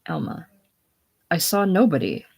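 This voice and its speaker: A woman reads a reserved, genteel young woman with a low-set, quiet voice. The delivery is soft, formal and a little tired, as in a casual play reading. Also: huge pitch swings, measured pace, husky, full character voice. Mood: subdued. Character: prim refined young Southern woman, reserved and weary.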